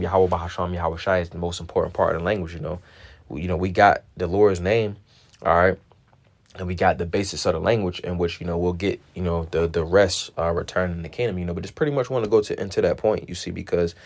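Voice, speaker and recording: A man giving an informal scripture lesson, halting and restarting often and checking in with "all right" after nearly every point, reading verses aloud in a plain measured tone. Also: deep voice, gravelly, dry recording. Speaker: Bible teacher.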